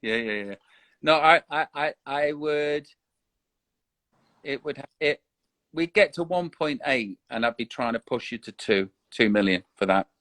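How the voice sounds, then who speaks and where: A man chats casually on a live online stream. He hesitates and restarts his sentences often. His voice sits at a middling pitch, and the sound is dry and close. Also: animated, measured pace, a bit bright, dry recording. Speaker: guest. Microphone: online live video call.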